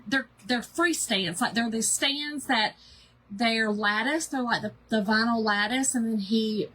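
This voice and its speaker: A woman hosts a casual craft livestream with a slightly husky, higher-pitched voice. She rambles cheerfully, greets viewers one by one, and jokes about her own habit of overthinking. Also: fairly bright tone. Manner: chatty and rambling, greets viewers by name, self-deprecating.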